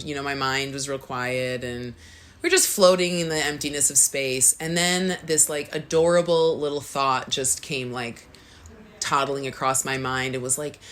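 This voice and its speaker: Low-voiced woman telling an earnest story on a podcast, bits of hiss. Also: a bit bright. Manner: earnest storytelling, acts out her own thoughts in a higher voice. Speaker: podcast co-host. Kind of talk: casual spiritual chat.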